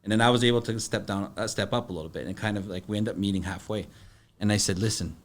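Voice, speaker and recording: A middle-aged man, a podcast guest, telling stories in a halting, plain-spoken way full of fillers and restarts. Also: on the low side, fairly even intonation. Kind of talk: casual storytelling.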